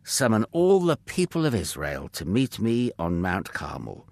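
A man's voice: on the low side, huge pitch swings, a little slow, gravelly, darkish tone, no room sound, full character voice. A man voicing a firm, fervent male prophet with emphatic, commanding calls in a storybook reading.

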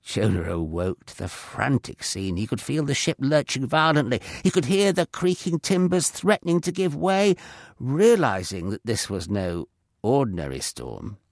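A man narrating a Bible story in a dramatic, expressive storytelling manner. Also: mid-range voice, moderate pace, vocal fry, dry recording, studio quality.

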